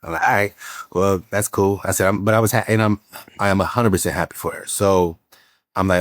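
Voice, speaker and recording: A man, a real estate entrepreneur telling animated stories as a podcast guest, acting out the quotes with many fillers and restarts. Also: low voice, brisk, no room sound, clean studio sound. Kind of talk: casual storytelling interview.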